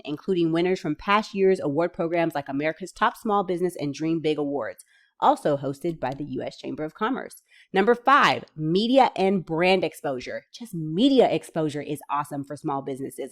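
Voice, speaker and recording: A woman reading out grant details and breaking in with chatty, excited commentary for her viewers. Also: deep voice. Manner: enthusiastic, chatty asides, bursts of excitement. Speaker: small business funding vlogger.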